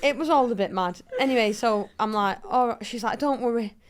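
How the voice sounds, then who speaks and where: Animated woman telling stories. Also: fairly high pitch, brisk, slight background noise. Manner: animated storytelling, acting out quotes. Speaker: co-host, footballer. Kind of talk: casual podcast chat.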